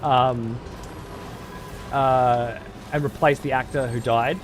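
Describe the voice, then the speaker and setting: A man's voice: medium pitch, steady tone, takes it slowly, slight background noise. A man streaming a game, chatting casually and rambling through strong, profane opinions. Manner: opinionated, rambling, swears a lot. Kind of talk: casual gaming stream chat.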